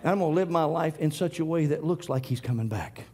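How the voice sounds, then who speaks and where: A middle-aged man preaching a sermon, swinging from loud declarations to hushed whispers. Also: fairly high pitch, fairly quick. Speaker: pastor.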